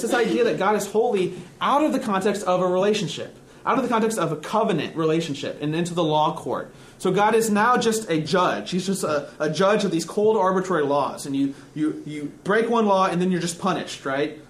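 An earnest man preaching with a fairly high voice, talking his listeners through ideas in a conversational way and often restarting mid-phrase. His voice rings in a roomy, echoey space. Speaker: pastor. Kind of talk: sermon. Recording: echoey room.

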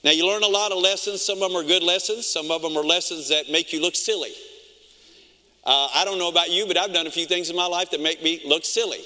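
A middle-aged pastor preaching a sermon, telling stories in an animated way and acting out his own reactions. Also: a little high, fast talker. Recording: long reverb of a large hall.

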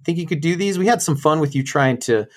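A man's voice: on the high side, animated, quick pace. A man co-hosting a sports podcast, chatting casually and enthusiastically about college football. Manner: enthusiastic, chatty, laughs often. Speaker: co-host and college football segment host.

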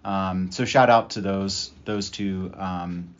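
Co-host, male, young adult, low voice, easygoing delivery, muffled lo-fi audio. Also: slow pace. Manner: relaxed, easygoing, with filler words. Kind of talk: casual chat. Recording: dull lo-fi studio recording.

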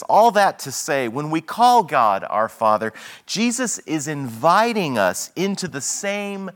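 Male preacher, earnest teaching sermon, unhurried delivery, expressive pitch. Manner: earnest, teaching, restarts and repeats words.

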